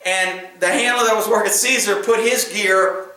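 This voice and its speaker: Animated high-voiced man in an echoey room. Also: moderate pace. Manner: animated, laughing, profane, shouts out quoted lines. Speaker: podcast host telling stories. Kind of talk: casual storytelling. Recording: very echoey room, mic at a distance.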